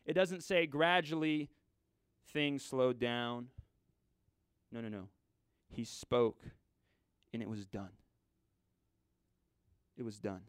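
A man preaching a sermon in a conversational way, swinging from loud, urgent lines to hushed ones. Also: medium pitch, fairly even intonation, slow, long pauses, smooth, dry recording, clean studio sound.

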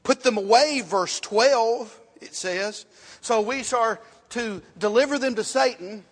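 A man with a high-pitched voice teaches a church Bible class, repeating points and asking the class questions as he writes on a board. His voice rings with a long reverb, as if in a large hall. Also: slow pace.

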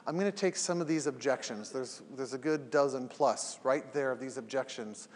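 A man's voice: medium pitch, moderate pace, in a large hall. A man teaching a weekly evening class in an earnest, emphatic way, acting out everyday quotes as he goes. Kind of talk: live talk to a class, later posted as a podcast.

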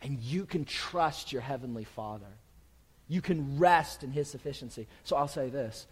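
A man's voice: medium pitch, moderate pace, breathy edge. Preacher man in a reverberant hall. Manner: swings from urgent, raised delivery to quiet, soft-spoken reassurance. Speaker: pastor. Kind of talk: sermon.

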